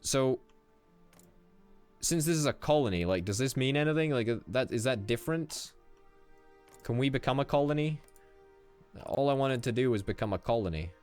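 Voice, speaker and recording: A young man casually commenting on a strategy game as he plays, excitable, swearing and thinking out loud. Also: mid-range voice, moderate pace, pauses often, soft background music. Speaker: gaming YouTuber.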